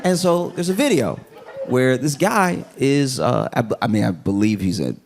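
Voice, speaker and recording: A man's voice: mid-range voice, lively intonation, moderate pace, creaky, music in the background. A man doing a stand-up comedy set, talking casually and rambling with many asides. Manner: conversational, rambling, with frequent asides.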